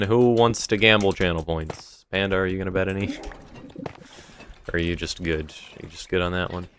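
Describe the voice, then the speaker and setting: A young man with a very deep, low voice, chatting loosely to his stream while he plays. His throat sounds sore, and he rambles from one thought to the next into a desk mic. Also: fairly bright tone, slight background noise. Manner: rambling, talks to chat between game tasks. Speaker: live streamer. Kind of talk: casual live-stream chat while gaming. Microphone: desk mic with noise gate.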